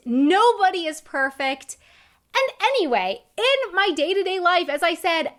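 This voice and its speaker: Young woman vlogger, high bright voice, earnest and encouraging to camera. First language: English. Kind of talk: casual talk to camera.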